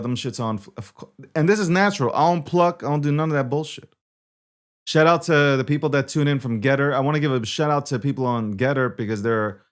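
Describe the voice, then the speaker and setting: A man with a thick Brooklyn New York accent runs a live-streamed talk show, his voice sitting at an ordinary middle pitch. He talks in a brash, loose way, cursing casually, repeating lines and tripping over quick restarts. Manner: brash, swearing, repeats himself, stammering restarts. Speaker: show host.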